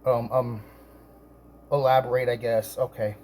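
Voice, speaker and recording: A man telling a story in an angry rant, stammering and repeating himself, now and then bursting into shouts. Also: medium pitch, flat delivery, unhurried, a little hiss or hum. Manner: many restarts and stammered repeats. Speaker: vlogger.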